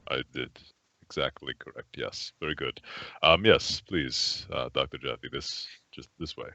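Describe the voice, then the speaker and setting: A man's voice: rumbling low, unhurried, bright, forceful tone, voice pushed down, full character voice. A man voicing a reserved, courteous male ship captain who speaks stiffly and formally.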